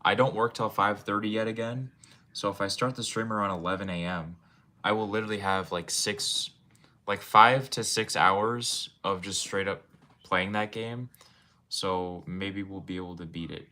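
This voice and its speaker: Deep-voiced young man chatting on stream. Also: fairly even intonation, moderate pace, pushed and bright. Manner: laid-back, rambling, talks to chat. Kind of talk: casual live-stream chat. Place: home room with game shelves.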